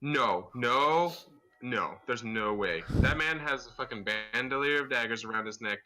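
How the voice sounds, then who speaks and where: A man's voice: medium pitch, normal speed, background noise. A man speaking as a player in a tabletop game, brash and profane. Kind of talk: casual tabletop play.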